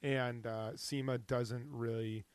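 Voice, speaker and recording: A man co-hosting a casual TV recap podcast, halting with fillers and restarts, firmly opinionated. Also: medium pitch, little pitch movement, smooth, no room sound. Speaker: podcast co-host. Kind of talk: casual chat recapping a TV show.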